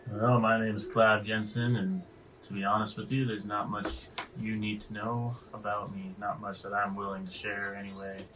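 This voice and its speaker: A man playing a gruff, guarded cowboy. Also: on the low side, level tone, moderate pace, distant mic, background noise, lightly acted. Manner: gruff, curt, distrustful. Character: guarded cowboy ex-prisoner with amnesia.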